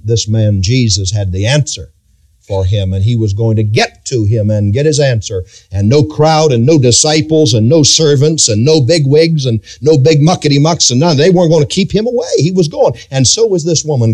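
A man preaching a sermon, dramatic and emphatic, retelling scripture in old-fashioned biblical wording. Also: dark tone. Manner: dramatic, emphatic, sweeping pitch swings.

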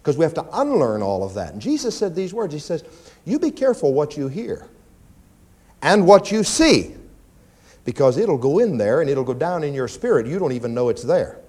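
A pastor preaching a sermon in church, animated and often mimicking whining prayers. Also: male voice, normal speed, breathy edge. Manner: animated preaching, acts out pleading prayers in a high whine.

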